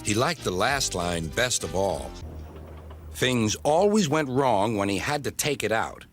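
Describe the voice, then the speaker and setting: A man narrating a storybook show in a slow, gentle storytelling manner. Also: lowish voice, sing-song. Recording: background music.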